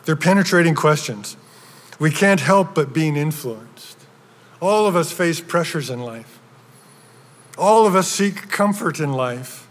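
Man, pastor, earnest sermon, stumbling restarts, fairly high-pitched, reverberant sanctuary. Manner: earnest preaching with repeated restarts and rising emphasis. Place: church sanctuary. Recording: long hall reverb.

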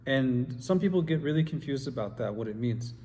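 A man's voice: medium pitch, expressive, brisk, mellow, slight background noise. A man teaching an Islamic study class, reading quotes aloud and putting questions to his students. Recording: long hall reverb, faint ambience.

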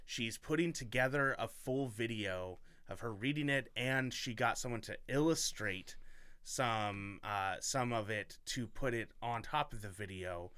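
A man's voice: medium pitch, measured pace, pushed and bright, smooth, dry recording. A man hosting a podcast in casual chat, rambling, self-mocking and enthusiastic. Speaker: podcast host.

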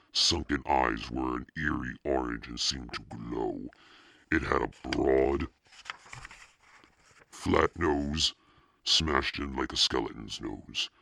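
Deep-voiced man, husky, crisp bright tone, dry close sound, audiobook narration. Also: no room sound.

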